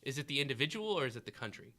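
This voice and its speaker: Man, history teacher, podcast host, very bright, encouraging, questioning. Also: medium pitch, very animated, racing. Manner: questioning, encouraging, thinking aloud. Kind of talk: classroom review podcast, quizzing a student.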